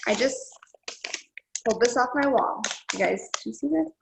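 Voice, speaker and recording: A woman's voice: a little high, normal speed, gravelly, noisy background. Chatty woman giving a motivational talk, roomy sound. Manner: chatty, animated, lots of "like" and "you guys". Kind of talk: motivational video call talk. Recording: roomy echo.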